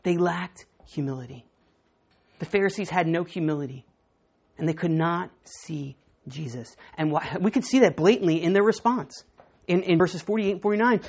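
A woman pastor preaching a sermon, emphatic, often repeating words and swinging between loud and hushed. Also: fairly low pitch, expressive, a little fast.

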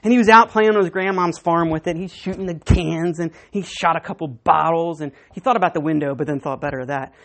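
A woman pastor preaching a sermon, telling stories and moving between hushed and emphatic delivery. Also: lowish voice, brisk, hardly any pauses. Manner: storytelling, animated, swinging between hushed and emphatic.

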